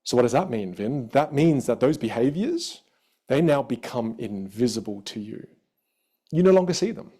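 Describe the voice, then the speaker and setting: Animated man coaching communication live. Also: moderate pace. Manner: animated, acts out quoted voices with big pitch jumps. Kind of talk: live online workshop teaching.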